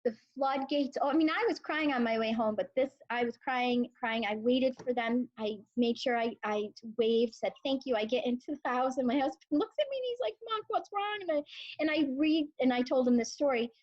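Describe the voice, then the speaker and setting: Forties woman teacher, emotional and earnest, somewhat high, muffled lo-fi sound. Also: fairly even intonation, moderate pace, few pauses. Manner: emotional, earnest storyteller with many fillers. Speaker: high school English teacher, guest. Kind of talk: conversational interview.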